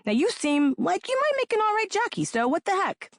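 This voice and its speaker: A woman's voice: extremely high pitch, big pitch swings, fairly quick, no echo, studio quality, pitched above the performer's own voice, full character voice. Woman putting on a blunt male investor. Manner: casual, matter-of-fact deal talk.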